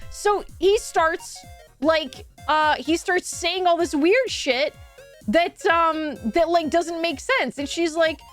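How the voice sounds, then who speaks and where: A woman with a high voice chats casually on stream, rambling through a story with plenty of fillers and the odd swear. Faint music plays quietly behind her. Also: takes it slowly. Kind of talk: casual chat.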